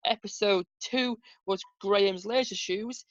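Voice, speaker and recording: A young woman hosting a casual review chat, briskly steering the discussion. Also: medium pitch, no room sound, muffled recording. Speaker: podcast host.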